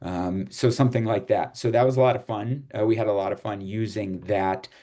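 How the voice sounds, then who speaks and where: A man from Chicago hosting a casual group chat on a video call, relaxed and rambling with fillers and laughs. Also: fairly low pitch, a little fast. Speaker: host.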